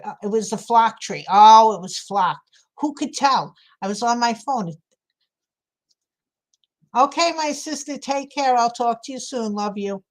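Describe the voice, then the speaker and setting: A woman with a New York accent hosts a craft livestream and chats with her viewers as she works. Her voice sits a little high, and she laughs easily between chatty remarks. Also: animated, measured pace, long pauses. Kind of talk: casual chat while crafting.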